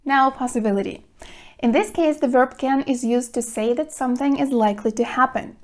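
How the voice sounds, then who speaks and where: A woman teaching an English grammar lesson to camera, speaking clearly and deliberately, stressing words to show pronunciation. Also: high-pitched. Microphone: phone camera.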